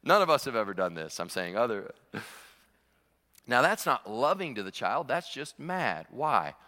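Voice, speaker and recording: A male pastor preaching with a lively, swooping delivery and a bright, ringing tone. He repeats words for emphasis and chuckles between points. His voice carries the long reverb of a large church sanctuary. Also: medium pitch, moderate pace. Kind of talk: sermon.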